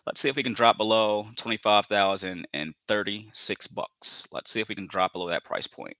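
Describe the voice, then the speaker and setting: A man's voice: lowish voice, moderate pace, bright, forceful tone, no echo. A man giving live commentary on his trades, repeating phrases, filling with "you know" and calling viewers family as he talks himself into staying patient.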